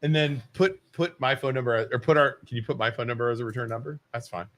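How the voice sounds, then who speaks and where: A man co-hosting a live local talk show, animated and laughing as he plans a joke call. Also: mid-range voice, fast talker. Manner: animated, laughing, hatching schemes. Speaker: co-host. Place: studio.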